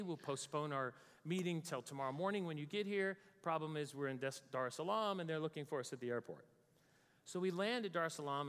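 An American man tells a story to a live audience, with a voice a little higher than most men's. He acts out his own panic and frustration along the way. The sound carries a long, reverberant hall tail. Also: fairly bright tone, clear, resonant tone. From United States. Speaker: speaker.

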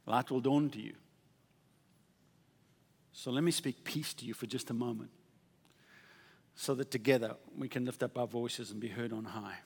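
A man preaching a sermon with passion, swinging from soft, quiet asides to loud, ringing declarations. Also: mid-range voice, fairly even intonation, moderate pace, vocal fry, pauses often, husky. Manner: impassioned, rising to exclamations then dropping to soft asides. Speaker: pastor. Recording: long reverb of a large hall.

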